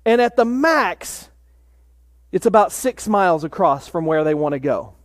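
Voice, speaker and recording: High-voiced slow preaching man. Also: lively intonation, no room sound, studio quality. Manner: measured preaching, drops to a hush for emphasis. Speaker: pastor. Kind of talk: sermon.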